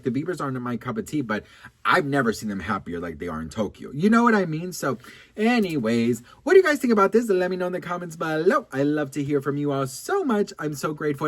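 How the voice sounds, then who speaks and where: A man's voice: medium pitch, dry recording. A man vlogging celebrity gossip, chatty and campy, cursing freely and rambling through restarts and asides. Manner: campy, gossipy and animated, with lots of swearing and "girl". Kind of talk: casual chatty storytelling to camera.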